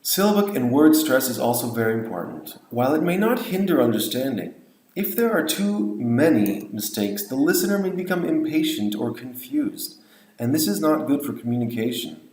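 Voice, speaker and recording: A man's voice: mid-range voice, big pitch swings, moderate pace, darkish tone, echoey room, low-quality recording. A man lecturing on language teaching, explaining points and modeling example phrases. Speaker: English teacher trainer.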